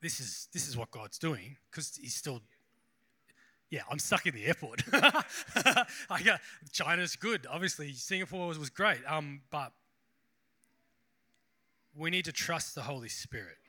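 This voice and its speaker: A male pastor gives a loose, conversational sermon with a bright, forceful voice. He rambles a little and drops self-deprecating asides as he goes. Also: on the high side, expressive, moderate pace, pauses often. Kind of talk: casual sermon.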